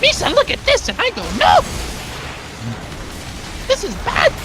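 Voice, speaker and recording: Goofy alien sidekick, shrill yelping shouts, broken speech, game music behind. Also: male voice, huge pitch swings, measured pace, heavily acted. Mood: panicked. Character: goofy clumsy male alien sidekick, excitable.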